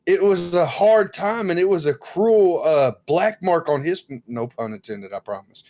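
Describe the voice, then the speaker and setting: A man's voice: high voice, animated, normal speed, mellow. Blunt, foul-mouthed man on a podcast. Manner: blunt, swears freely, acts out quoted bosses. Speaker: podcast co-host. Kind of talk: casual podcast chat.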